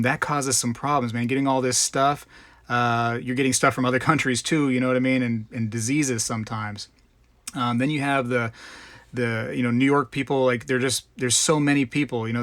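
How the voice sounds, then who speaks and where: A man's voice: medium pitch, a bit bright, no echo. A man hosting a live stream in casual, rambling chat, greeting viewers by name. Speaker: livestream host.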